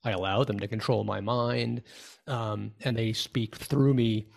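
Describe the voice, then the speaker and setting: A man's voice: lowish voice, steady tone, a little slow, gravelly. A man speaking as a medium in an interview, reflective and hesitant as he thinks aloud. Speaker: spiritual medium, guest. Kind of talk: conversational interview.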